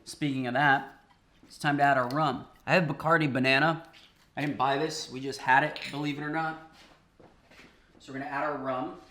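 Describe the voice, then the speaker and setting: A man hosting a cooking video, telling a comic story in an animated, conversational way and laughing often, in a home kitchen. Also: mid-range voice, normal speed, long pauses, a little hiss or hum. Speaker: host.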